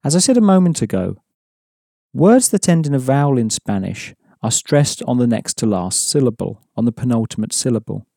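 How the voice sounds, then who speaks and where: Mellow-voiced man teaching a language lesson. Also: medium pitch, animated, creaky, husky, dry recording, studio quality. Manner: measured, explanatory, slows down for examples.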